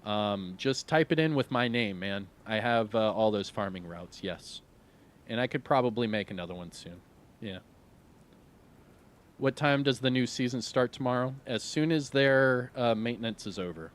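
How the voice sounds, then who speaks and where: A man's voice: medium pitch, moderate pace. A middle-aged man streaming live, chatting casually and reading viewer questions, laid-back and rambling with lots of fillers.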